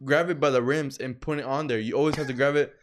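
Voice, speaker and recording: A young man telling laid-back, slangy stories about work in a casual chat, with loud shouted impressions now and then. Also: mid-range voice, fairly even intonation, fast talker. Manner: slangy, laid-back storytelling, says bro a lot.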